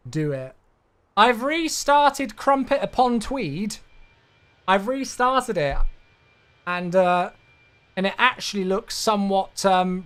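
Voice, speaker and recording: A man's voice: high-pitched, a bit bright, clean tone. Sleepy guy on his flight sim stream, just chatting w chat, easygoing. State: sleepy, yawning. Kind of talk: casual live-stream chat.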